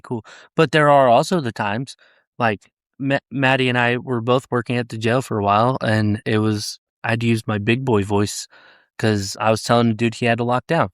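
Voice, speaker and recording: A man's voice: mid-range voice, a bit bright, no echo, clean studio sound. A man, a police officer, telling stories in a casual, blunt and profane way, slipping into the voices of the people he quotes. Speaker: police officer, podcast guest. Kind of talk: casual storytelling chat.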